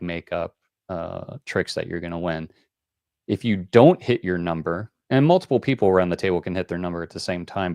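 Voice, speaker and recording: A man's voice: low voice, darkish tone, clear, resonant tone, no echo, clean studio sound. A man hosting a board game call-in show, explaining rules in a rambling, casual way with many fillers.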